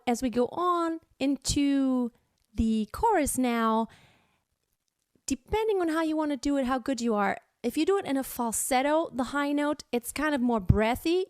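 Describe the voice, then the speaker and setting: A woman's voice: high voice, smooth, no echo, studio quality. A woman teaching singing, explaining technique and breaking into short sung examples. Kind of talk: vocal lesson with sung demonstrations.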